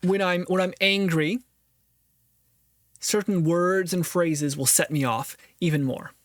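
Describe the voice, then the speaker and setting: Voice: medium pitch, a little slow, no echo, studio quality. A podcast host giving earnest, reflective solo commentary on a philosophy text, thinking aloud and restarting phrases often.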